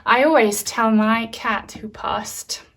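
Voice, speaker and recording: Gentle, reassuring woman tarot reader. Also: fairly high pitch, slow pace. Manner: gentle, reassuring, chatty with fillers. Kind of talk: spiritual tarot reading.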